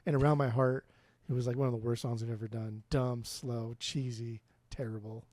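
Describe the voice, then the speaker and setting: A man's voice: mid-range voice, steady tone, moderate pace, darkish tone, no echo. A man co-hosting a podcast in casual chat, rambling, swearing freely and restarting his sentences. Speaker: podcast co-host. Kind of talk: casual chat about music.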